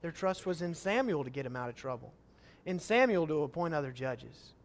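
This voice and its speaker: A man's voice: fairly high pitch, expressive, fairly quick. A man preaching a sermon, reading Scripture and acting out the people's pleas with rising, emphatic questions.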